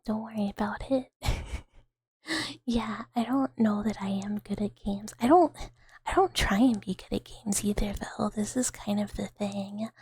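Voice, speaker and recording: A young adult woman streamer in a whispered ASMR chat, rambling playfully in soft unvoiced whispers and giggling. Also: mid-range voice, unhurried, slightly rough, dry recording.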